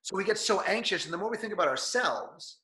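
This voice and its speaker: A man being interviewed as a speaking coach, talking in an energetic, coaching way. His voice is a little nasal from being sick. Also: sits high, fast. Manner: energetic, coaching delivery that acts out quotes. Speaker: guest, speaking coach and author. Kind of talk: conversational interview.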